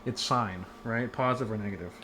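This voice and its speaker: A man's voice: fairly low pitch, brisk, bright, forceful tone, slight background noise. A man giving a casual online chemistry lecture from home, chatty and rambling with many fillers and restarts.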